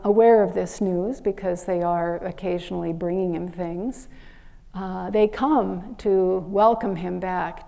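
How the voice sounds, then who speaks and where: Brief: unhurried woman preacher with a mellow, low-toned voice, telling a parable. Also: gravelly. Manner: slow, gentle storytelling with pauses. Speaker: minister giving a Sunday service. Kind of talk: sermon with storytelling.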